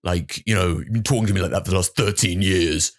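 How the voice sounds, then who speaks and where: Exasperated teenage boy, sarcastic, sweary, low voice, a man putting it on. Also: fast, natural voice. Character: fed-up young teenage boy snapping at his mum.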